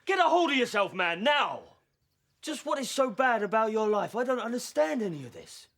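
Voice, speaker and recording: A sensible male friend losing patience, scolding in a high voice that swings widely up and down. It is a filmed comedy drama role. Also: big pitch swings, moderate pace, a bit bright, full character voice. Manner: scolding, impatient, alarmed.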